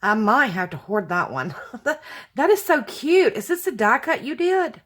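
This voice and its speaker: A woman's voice: a little high, big pitch swings, normal speed, a bit bright. A woman chatting casually to viewers as she unboxes craft mail, gushing and exclaiming with thanks. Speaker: craft vlogger opening mail.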